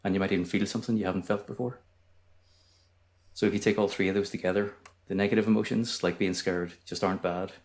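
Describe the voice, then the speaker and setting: This is a Northern Irish man speaking as a podcast guest, his voice low-set and calm. He talks quickly but smoothly, with a soothing, even manner. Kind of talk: casual chat.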